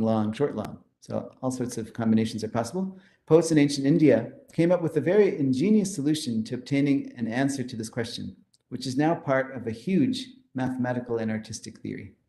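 A man lecturing on mathematics at a conference, with a mellow, relaxed tone. He explains each step with enthusiasm and often checks in with a quick "right?". His voice rings in an echoey hall. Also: medium pitch, slight background noise.

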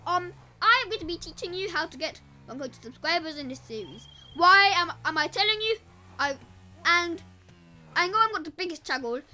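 Woman gaming YouTuber, chatty and energetic, with a very high, bright voice. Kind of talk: casual vlog to camera.

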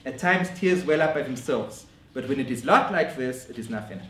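A man giving a scholarly conference lecture in a measured way, often restarting his phrases. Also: mid-range voice, lively intonation, a bit bright, a little hiss or hum. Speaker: academic lecturer. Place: lecture room. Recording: roomy echo from a distant mic.

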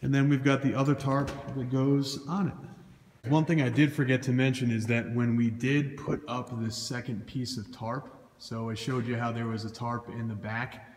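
A man's voice: medium pitch, fairly even intonation, moderate pace, darkish tone, a little hiss or hum. A man with a Boston accent, a throws coach giving a casual, loose how-to walkthrough and correcting himself as he points things out on camera. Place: indoor gym throwing area. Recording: echoey gym with long reverb.

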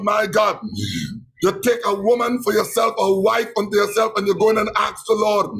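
Husky high-voiced Trinidadian preacher. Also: male voice, level tone, brisk, fairly bright tone, poor audio. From Trinidad and Tobago. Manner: impassioned preaching with repeated exclamations. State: emotional. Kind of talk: sermon.

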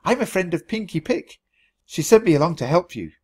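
A man voicing a small, kind young female mouse who whispers softly in a storybook reading. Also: sits high, sing-song, a little fast, husky, voice pushed up, full character voice. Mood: reassuring.

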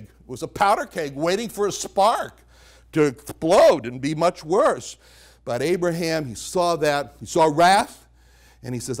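A man preaching a sermon, teaching from the Bible with emphatic repetitions. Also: a little high. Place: church chapel.

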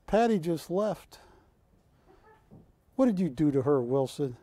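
A man's voice: a little high, big pitch swings, measured pace, dark tone, dry recording. A man hosting a live shopping channel, joking with the crew and counting prices down. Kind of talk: live TV sales pitch and banter.

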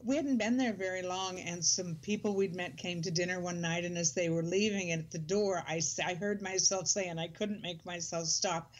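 Older woman, muffled low voice. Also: fairly even intonation, normal speed, hardly any pauses. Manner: reflective, with soft laughs. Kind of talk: casual conversation. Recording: dull muffled sound.

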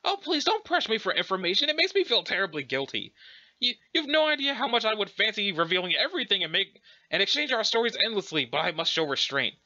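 A man's voice: sits high, big pitch swings, quick pace, bright, forceful tone, exaggerated voice. A man voicing a polite, formal young alien woman with a prim, fussy manner, in a dramatic reading. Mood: flustered, polite. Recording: dull lo-fi recording.

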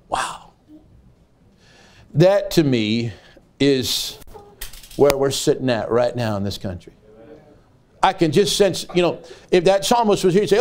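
An older man preaching a sermon as an evangelist. He moves from folksy storytelling to rising, loud preaching cries. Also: fairly high pitch, very animated, unhurried, long pauses.

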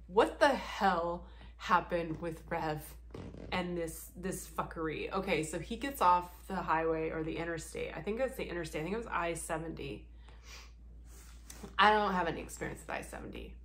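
A woman's voice: fairly low pitch, moderate pace, a little hiss or hum. A woman vlogger giving casual reaction commentary, sarcastic and profane, laughing often.

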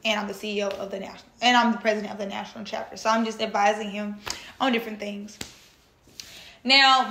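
Bright-voiced young woman telling a story. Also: a little high. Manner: animated, acts out quoted voices. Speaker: vlog host and author. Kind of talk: casual storytelling to camera. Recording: echoey room.

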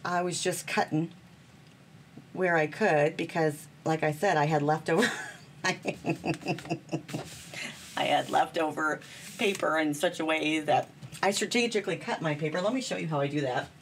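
A woman's voice: sits low, moderate pace, pauses often, a little hiss or hum. A woman chatting bubbly and self-deprecating while she demonstrates card making at her craft table, talking to viewers as friends.

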